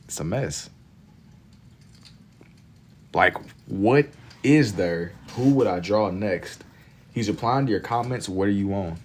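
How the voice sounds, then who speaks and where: Deep-voiced laid-back young man streaming. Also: moderate pace, a little mellow, slightly rough. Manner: laid-back slangy banter with chat, frequent laughs. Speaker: livestream artist. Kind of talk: casual livestream chat.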